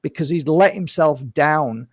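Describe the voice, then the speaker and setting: A man's voice: fairly high pitch, unhurried, husky, no room sound, studio quality. A man talking casually to camera as a healer and vlogger, earnest and rambling, repeating his phrases and calling his viewers "guys.".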